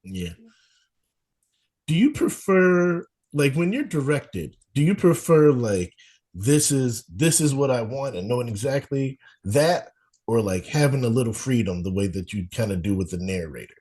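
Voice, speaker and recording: A man hosting a podcast interview, asking questions in a relaxed, casual way. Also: mid-range voice, a little slow, breathy edge. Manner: asks questions, short backchannels. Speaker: podcast host.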